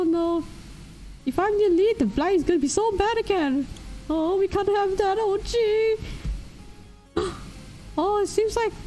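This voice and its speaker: A woman streaming a game through a pitch-shifting voice changer that makes her sound like a squeaky cartoon mouse, gasping and exclaiming. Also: darkish tone, low-quality recording. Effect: high pitch-shifting voice changer. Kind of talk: live-stream game commentary.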